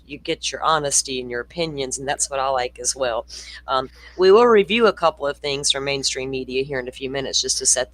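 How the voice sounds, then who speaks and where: A man's voice: medium pitch, fairly bright tone, dry recording, rough recording. A man hosting a true-crime livestream in loose, rambling casual chat. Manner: loose, rambling, friendly, many fillers. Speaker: livestream host.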